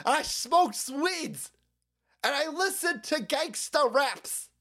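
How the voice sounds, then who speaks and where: A man putting on a mocking impression of a woman politician, high and drawn out. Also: expressive, slow pace, sharp tone, heavily acted.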